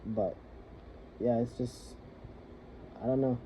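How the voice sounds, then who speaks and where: A young man in the military venting about his partner and family in a rambling, halting monologue, swearing freely. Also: medium pitch. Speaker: soldier venting. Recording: muffled lo-fi with faint hiss.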